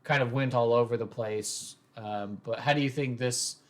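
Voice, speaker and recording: The host of a tabletop role-play podcast, who also serves as game master, speaks in a mid-range voice with fairly even intonation at a moderate pace. His casual talk wanders, full of fillers and false starts.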